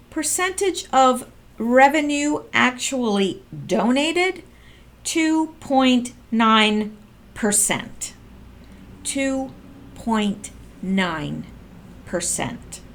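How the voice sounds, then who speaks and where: Sarcastic woman reading and reacting. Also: on the high side. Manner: sarcastic, exclaims and reacts while reading figures. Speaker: political commentary vlogger. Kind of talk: casual commentary reading documents aloud.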